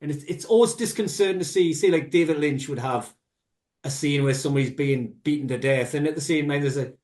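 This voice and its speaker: A man co-hosting a casual music podcast, giving long, rambling, animated explanations full of asides. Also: fairly high pitch, fairly quick. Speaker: podcast co-host. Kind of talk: casual music review chat.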